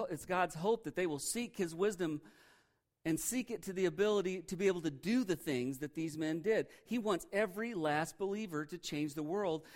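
A male pastor with a somewhat high voice delivers a sermon in a relaxed, conversational style. He keeps asking the congregation questions as he goes and stays easygoing throughout. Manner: conversational preaching, asks the congregation questions, laughs at himself.

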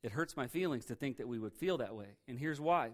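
A man's voice: mid-range voice, animated, a little fast. A man preaching a candid, conversational sermon, often repeating words as he presses a point. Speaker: pastor.

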